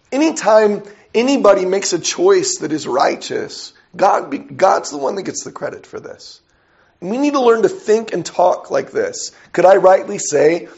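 A man preaching a sermon with a fairly high, gravelly voice. He reads scripture aloud and keeps putting questions to his listeners. The recording sounds dull and lo-fi. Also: a little mellow.

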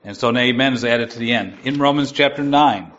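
A man giving a sermon. He reads scripture slowly and stresses its key words. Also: mid-range voice, fairly bright tone, highs cut off. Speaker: preacher.

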